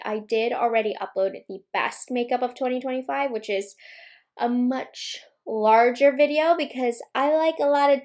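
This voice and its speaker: A young woman vlogger, pregnant and a little out of breath, giving candid, opinionated makeup reviews at her table at home. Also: a little high. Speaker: beauty vlogger. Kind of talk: casual makeup review vlog.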